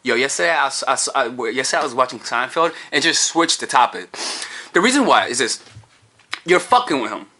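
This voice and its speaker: A man's voice: mid-range voice, big pitch swings, fairly quick, sharp tone. A man coaching on dating in a casual vlog, profane and rambling, recorded on a camera-mounted microphone.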